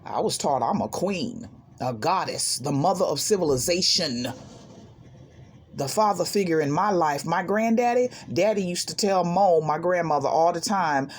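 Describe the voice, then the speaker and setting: A woman hosting a self-help channel, talking in an animated, emphatic way and laughing often as she shares a spiritual monologue. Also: lowish voice, moderate pace, a little hiss or hum.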